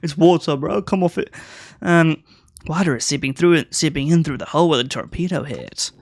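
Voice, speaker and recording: A man's voice: fairly high pitch, fairly quick, dry recording. A man casually commenting while playing a video game, reading the game's text aloud and swearing offhandedly.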